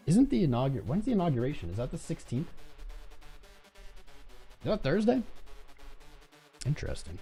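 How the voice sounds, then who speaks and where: A man hosts a live crypto trading stream, thinking aloud and reading viewers' price guesses from chat. His mellow voice moves up and down with a lot of animation. Faint music plays underneath. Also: mid-range voice. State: chapped cuticles from cold weather. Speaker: livestream trading host.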